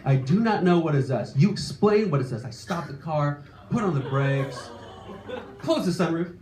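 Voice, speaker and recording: A man's voice: fairly high pitch, moderate pace. Man telling a story on an echoey stage. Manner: animated, self-deprecating, exasperated rants. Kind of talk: live personal storytelling. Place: stage before a live audience. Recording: echoey room, faint ambience.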